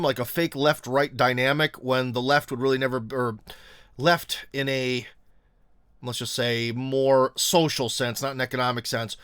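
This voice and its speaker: A man's voice: mid-range voice, fairly bright tone, smooth, no room sound, clean studio sound. A man hosting a casual political commentary monologue, rambling with many fillers and restarts, and often sarcastic.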